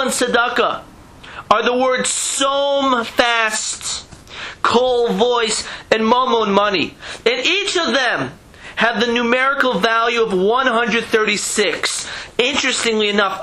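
A man gives a slow, earnest sermon in a very high, bright voice. He urges his listeners on and poses rhetorical questions as he teaches. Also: low-quality recording. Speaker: religious teacher.

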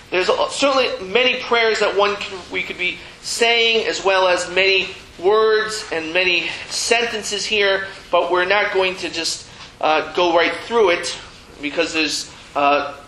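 A man's voice: high-pitched, slow, bright, forceful tone, roomy sound, slight background noise, rough recording. A man teaching a Hebrew reading class, chatty and self-deprecating, often restarting his sentences. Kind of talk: classroom lesson. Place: classroom with a board.

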